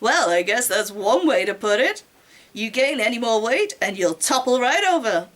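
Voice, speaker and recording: A woman's voice: a little high, very animated, normal speed, a bit bright. A woman reading the lines of a smug young man who coaches and insults, in a condescending, taunting manner. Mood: mocking.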